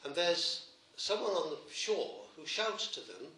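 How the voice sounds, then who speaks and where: A man, a priest, preaching a sermon, retelling a gospel story gently with emphatic repetitions. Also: fairly high pitch, big pitch swings, measured pace, hardly any pauses, reverberant.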